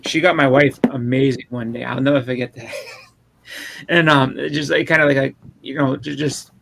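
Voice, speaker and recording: A man in his thirties, father to a young daughter, co-hosts a casual podcast, spinning rambling stories full of restarts and acted-out quotes. His medium-pitched voice is steady, fairly bright, and marked by vocal fry at a moderate pace. The recording is rough, with faint background noise.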